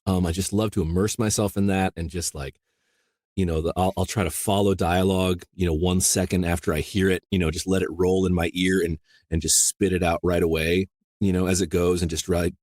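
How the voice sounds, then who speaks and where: A man from rural Iowa, an audiobook narrator, chatting as a guest in a casual interview, rambling with many restarts and quick laughs. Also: low voice, little pitch movement, a little mellow, no echo, clean studio sound. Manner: rambling, full of "you know" and restarts, laughs easily.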